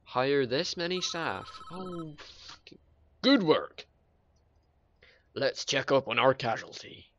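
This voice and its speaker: A man's voice: mid-range voice, expressive, slow pace, pauses often, fairly bright tone, muffled recording, soft background music. A man commentating a game playthrough, hyper and sweary, reading the objectives aloud as he goes.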